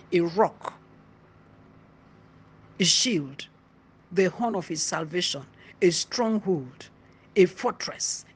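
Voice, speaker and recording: A woman preacher giving a sermon, reading scripture slowly and stressing each phrase. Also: lowish voice, slight background noise. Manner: slow emphatic scripture reading with rising emphasis.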